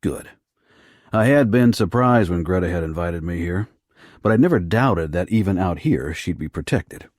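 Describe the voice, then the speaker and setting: A man narrating a first-person romance audiobook in a low, rough, hushed delivery. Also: lively intonation, moderate pace, no room sound, clean studio sound.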